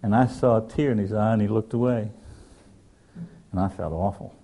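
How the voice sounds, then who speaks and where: A man's voice: lowish voice, normal speed, mellow. An older man preaching a sermon, telling stories in an earnest, direct way. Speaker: pastor.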